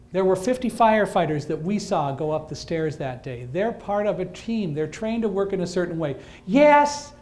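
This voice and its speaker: High-voiced man telling a story on stage. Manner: lively storyteller who acts out quoted lines, dry humor. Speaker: guest speaker. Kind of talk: storytelling talk to an audience.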